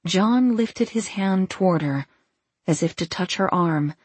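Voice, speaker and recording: A woman narrating a novel in a calm storytelling manner. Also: lowish voice, unhurried, breathy edge, dry recording. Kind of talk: scripted narration.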